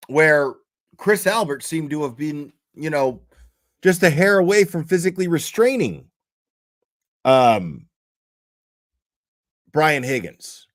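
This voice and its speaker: A man's voice: on the high side, no echo, clean studio sound. A man hosting a show, giving casual commentary on a played video in a chatty, profane way and laughing often. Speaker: host.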